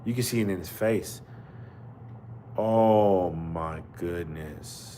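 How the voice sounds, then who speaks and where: A man's voice: sits low, slow pace, background noise. A man hosting a live boxing podcast chat, outraged and slangy, repeating his exclamations. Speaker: podcast host. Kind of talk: live fight commentary chat.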